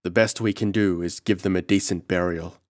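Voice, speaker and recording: A man's voice: low voice, steady tone, moderate pace, no echo, studio quality, natural voice. A man voicing a cool-headed scientist who speaks grimly and decisively, in an audiobook reading. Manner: grim, decisive.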